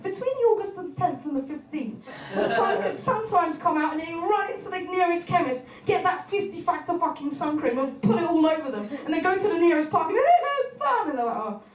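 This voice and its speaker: A woman's voice: very high voice, lively intonation, brisk, few pauses, a crowd in the background. A woman comedian, doing a brash, swearing, self-mocking stand-up set. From Turkey. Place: comedy venue with an audience. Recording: roomy venue sound from a distance.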